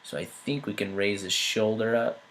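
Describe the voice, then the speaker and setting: A man giving an art critique, talking through changes thoughtfully with many pauses, fillers and restarts. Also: on the low side, fairly even intonation, a bit bright, slight background noise, rough recording. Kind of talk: painting critique while editing on screen.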